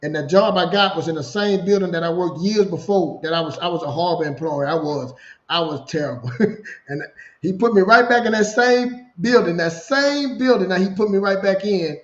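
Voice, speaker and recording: A man in his forties telling his own story in a casual, animated way, repeating himself and acting out the dialogue, over a video call. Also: high-pitched, moderate pace, echoey room, highs cut off. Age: 40s. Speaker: guest.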